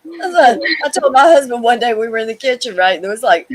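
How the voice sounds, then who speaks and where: A woman's voice: fairly high pitch, lively intonation, fast talker. A woman in a casual chat, telling playful anecdotes full of quoted dialogue.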